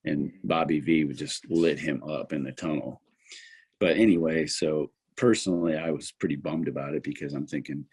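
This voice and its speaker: A man in his fifties, a former pitcher, telling stories in a casual interview and acting out his own thoughts along the way. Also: moderate pace, slightly rough. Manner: animated storyteller who acts out his own remembered thoughts. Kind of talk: casual anecdotal storytelling.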